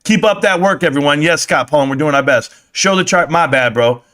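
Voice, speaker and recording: Brief: man live-stream ranter, high-pitched, profane, joking, rambling. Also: brisk, a bit bright. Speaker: live-stream stock commentator. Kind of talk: casual live-stream rant.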